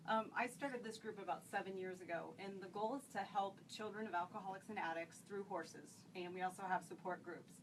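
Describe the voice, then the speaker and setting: A woman talks about her work in an earnest, animated way, stumbling over fillers and restarting her sentences. Her voice sits at a middle pitch and sounds a little distant from the mic, with a faint hiss behind it. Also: a little fast, hardly any pauses. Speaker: founder of a horse program for children of addicts. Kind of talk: interview storytelling.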